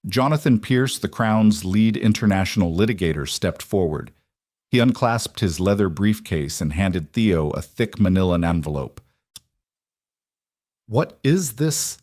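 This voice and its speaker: A man narrating a scripted first-person drama story in a steady, dramatic way. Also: deep voice, normal speed, no echo, studio quality.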